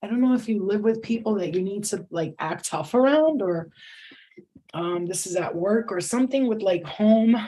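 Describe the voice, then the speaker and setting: A woman's voice: medium pitch, expressive, moderate pace, mellow. A middle-aged woman hosting a live spiritual reading, talking casually, swearing, restarting sentences and laughing often. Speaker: tarot reader.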